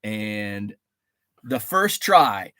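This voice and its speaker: A man hosting a casual livestream from a home studio, his voice swinging widely in pitch as he rambles and calls out viewers in the chat. He sounds a little stuffy from allergies, and the studio mic gives a close, dry sound with no room echo. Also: very slow. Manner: rambling and animated, reading chat names aloud with greetings. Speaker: livestream host.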